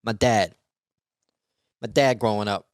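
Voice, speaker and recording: A man's voice: on the low side, fairly even intonation, measured pace, dry recording, clean studio sound. A man hosting his own comedy podcast, delivering a rambling, sarcastic solo monologue of jokes with frequent restarts.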